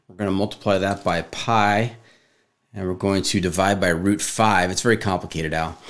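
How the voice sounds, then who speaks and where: A man hosts a casual podcast interview in a fairly low voice. He jokes his way between questions with a playful manner. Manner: playful, jokey. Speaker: podcast host.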